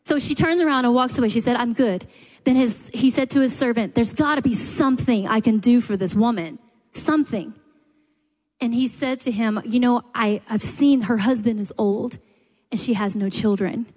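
A woman's voice: fairly high pitch, moderate pace, a little mellow. A woman preaching a sermon, retelling a scripture story in an earnest, emphatic way, speaking into a microphone. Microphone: handheld microphone. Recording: reverberant hall.

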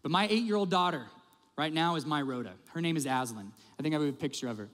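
Male pastor, sermon, animated and conversational, slightly high voice, long church reverb, faint music bed. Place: church auditorium.

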